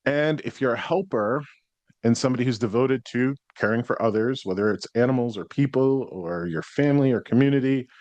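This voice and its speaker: An American man hosting a solo podcast as a psychic medium, talking in a reflective, explanatory way and clearing his throat now and then. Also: mid-range voice, a little fast, a little mellow, no echo, lo-fi sound. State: worn out after burnout.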